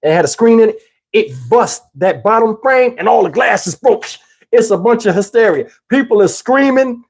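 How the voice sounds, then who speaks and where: A man on his channel telling a childhood storm story in a lively, casual way, acting out his relatives. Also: high voice, normal speed, breathy edge. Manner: animated, acts out characters. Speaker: channel host.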